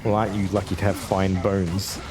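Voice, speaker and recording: A man in his twenties streams a game with a low voice that barely moves in pitch, talking a little fast over background noise. He's chatty and rambling, answering chat between fights.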